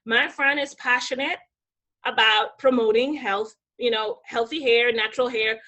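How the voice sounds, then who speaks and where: A young adult woman from the Dominican Republic, a podcast guest, tells stories in a relaxed interview, animatedly acting out the voices of people she quotes. Her voice is high and her pace moderate.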